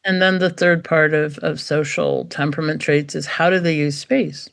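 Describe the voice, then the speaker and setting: A woman guest, a dog breeder and behavior expert, talking in a lively storytelling way and acting out quoted dialogue on a podcast. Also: sits low, moderate pace, gravelly. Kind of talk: podcast interview.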